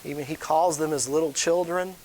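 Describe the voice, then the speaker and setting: A man preaching a sermon in a church, talking loosely and warmly to the congregation, with sudden loud rises in his voice. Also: a little high, fairly even intonation, fairly quick, a little hiss or hum, poor audio. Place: church sanctuary.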